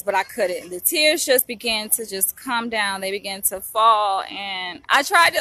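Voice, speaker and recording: A young woman talks straight into her own camera in a loose, chatty vlog. Her voice is bright and clear, and she speaks with open emotion, often calling out to her viewers as she tells her story. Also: medium pitch, expressive, measured pace, few pauses, no room sound. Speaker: vlogger, psychology trainee. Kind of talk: casual chat to camera.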